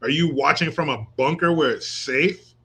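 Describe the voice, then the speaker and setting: Brief: male commentary host, profane and sarcastic, bright, forceful voice. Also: on the high side, normal speed, breathy edge. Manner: crude, sarcastic, mocking, profane. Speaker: host reading live chat. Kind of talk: political commentary livestream.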